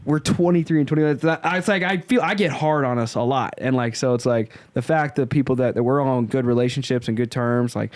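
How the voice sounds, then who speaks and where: A man in his twenties hosting a podcast, telling stories in a lively, casual way and laughing often. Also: mid-range voice, a little fast, hardly any pauses, no echo. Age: 20s. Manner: animated storytelling, laughs often. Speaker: podcast host.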